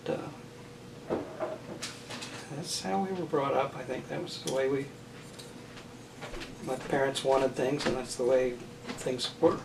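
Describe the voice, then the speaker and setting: An older man answers interview questions about family and marriage in a measured, halting way, often pausing and restarting his sentences. He is heard from some distance in a roomy space. A faint background hiss sits under the voice. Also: mid-range voice, steady tone, vocal fry. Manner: thoughtful, halting, many fillers and restarts. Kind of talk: oral history interview.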